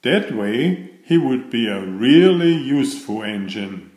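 A man narrating a children's picture book read-aloud in an unhurried storytelling manner. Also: mid-range voice, expressive, darkish tone. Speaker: storybook reader. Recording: echoey room.

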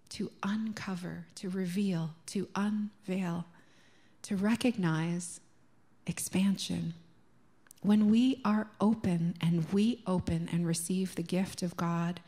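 Slow, soft-spoken Canadian woman preaching. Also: on the low side. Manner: slow, gentle and reflective, dropping to a soft near-whisper on key words. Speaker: minister. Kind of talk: sermon. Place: church sanctuary.

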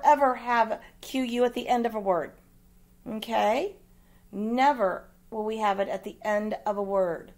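A woman's voice: a little high, a little mellow. A woman teacher with an American Midwest accent giving a phonics lesson to young children, patiently spelling words out letter by letter.

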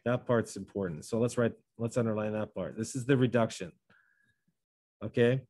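A man's voice: lowish voice, normal speed, mellow, no room sound. A man teaching a math lesson, talking through each step and correcting himself as he goes. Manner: talks through steps, self-correcting. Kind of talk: classroom lesson.

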